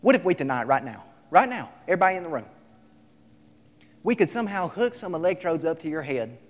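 A man preaching a sermon, emphatic, repeating his lines and swinging between loud and soft. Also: on the high side, sing-song, a little fast. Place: large hall, tonight service. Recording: echoey hall with long reverb.

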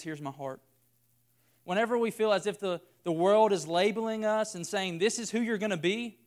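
Male preacher, earnest sermon delivery with repetition, smooth resonant tone. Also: high-pitched. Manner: earnest, builds by repeating phrases.

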